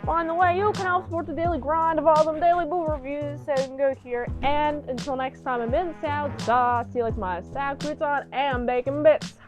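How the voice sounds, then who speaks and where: High-voiced, jokey woman movie reviewer. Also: a little fast, few pauses, music in the background. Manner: energetic, jokey, animated.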